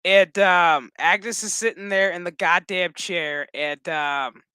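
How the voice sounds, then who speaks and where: A man's voice: high-pitched, slow pace, pushed and bright, smooth, dry recording. A man giving a casual, profane, rambling episode recap with sarcastic asides. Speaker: show recap host.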